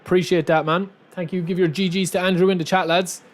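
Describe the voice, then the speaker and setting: A man streaming a football video game live, thanking viewers and shouting excitedly at his players. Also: high-pitched, quick pace. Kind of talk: live gaming commentary.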